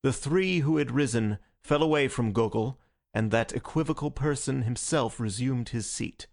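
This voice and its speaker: A man narrating an audiobook in a measured, even reading voice. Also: medium pitch, vocal fry. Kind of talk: scripted narration.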